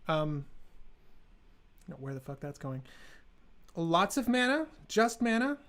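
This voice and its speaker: A man's voice: sits high, sing-song, measured pace, long pauses, a bit bright. A man hosting a live stream, building a card game deck and joking sarcastically with his chat.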